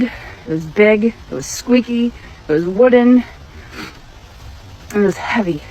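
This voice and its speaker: A woman from Missouri telling a personal testimony in an emphatic, animated way. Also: medium pitch, low-quality recording. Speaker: storyteller sharing a testimony.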